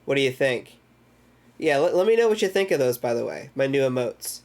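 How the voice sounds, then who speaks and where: A man's voice: mid-range voice, very animated, fairly quick, darkish tone. Rambling, profane man recapping a movie. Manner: rambling, profane, loose retelling with acted-out quotes. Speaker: streamer hosting a movie club. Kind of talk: casual livestream movie recap.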